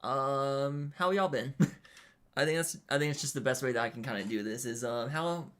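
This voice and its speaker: Young man, casual streamer, nervous and hesitant, lots of fillers, mid pitch. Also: moderate pace, a bit bright. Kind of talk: casual live stream chat.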